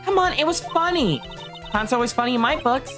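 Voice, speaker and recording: A woman's voice: high voice, animated, fairly quick, fairly bright tone, faint music behind, pitched above the performer's own voice. A woman voicing a boisterous male circus clown who cracks jokes. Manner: boisterous, punning, showy. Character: loud goofy male circus clown, joking.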